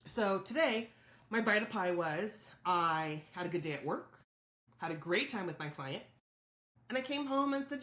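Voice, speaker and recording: A woman's voice: mid-range voice, expressive, normal speed, fairly bright tone. Woman podcaster talking it out, candid and self-reflective, voice bouncing around a roomy space. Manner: candid, self-reflective, quotes her own thoughts. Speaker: podcast host. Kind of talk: solo personal reflection.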